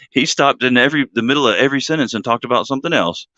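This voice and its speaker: A man's voice: medium pitch, fast, sharp tone, no echo, muffled recording. A man hosting a casual live-stream chat, rambling and self-deprecating, laughing often. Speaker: host.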